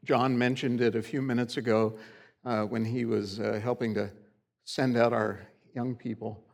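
A man's voice: mid-range voice, level tone, normal speed, gravelly. A middle-aged man preaching a sermon in a church, in a conversational, folksy storytelling way. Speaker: pastor. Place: church sanctuary.

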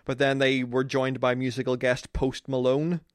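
A man's voice: mid-range voice, completely flat delivery, normal speed, slight background noise. A man in casual podcast chat, dropping wry, teasing remarks.

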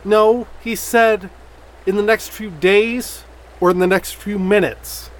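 An actor playing a dry, puzzled former corporal in an audio drama. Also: male voice, high-pitched, steady tone, slow pace. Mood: wry. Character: wry former corporal, Neil.

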